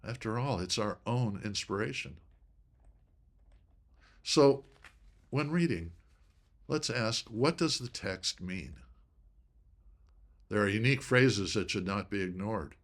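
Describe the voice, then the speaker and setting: A man with a somewhat low voice presents an inspirational study talk. He speaks deliberately and leans on key words to make his point. His tone stays measured, like a teacher guiding a class. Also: lively intonation.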